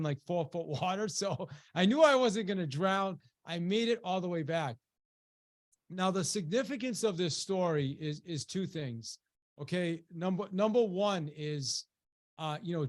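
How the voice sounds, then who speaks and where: Here a man with a slightly high voice hosts a webinar as a business coach, telling his audience a motivational story from his own life. He talks in an animated, conversational way with frequent restarts and plenty of "you know," acting out quoted speech and rising sharply whenever he quotes someone shouting.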